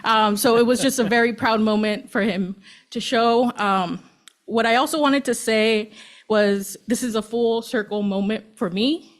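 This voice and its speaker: A woman presenting a student award at a school board meeting. She speaks off the cuff, halting with frequent ums, and grows emotional. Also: on the high side, fairly even intonation. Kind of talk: nervous unscripted speech at a board meeting. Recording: public meeting room.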